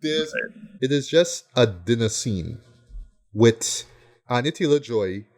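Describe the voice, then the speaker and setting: A man's voice: medium pitch, lively intonation, slow, darkish tone. A man talks through his favorite films in an easy, conversational way. He sounds eager and keeps checking in with his listeners as he goes. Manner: enthusiastic, peppers talk with "right?". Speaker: podcast co-host. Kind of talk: casual film review chat.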